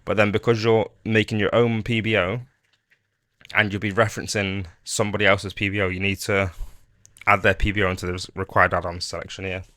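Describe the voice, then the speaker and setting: Bright-voiced man explaining software. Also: on the low side, a little fast, no echo, studio quality. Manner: relaxed, rambling explanation with frequent fillers and restarts. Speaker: modding tutorial host. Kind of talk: screen-recorded software tutorial.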